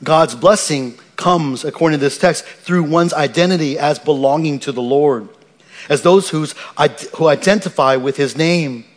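A man's voice: fairly high pitch, moderate pace. A man delivers a sermon from the pulpit in a slightly raised voice. He is earnest and emphatic, often circling back to restart a phrase. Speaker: pastor.

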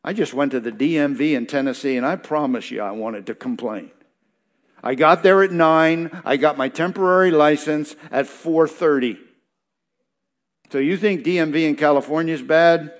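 Emphatic preaching man, fairly high voice. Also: moderate pace. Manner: expository preaching, reads verses then explains, emphatic repetition. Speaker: pastor. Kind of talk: sermon.

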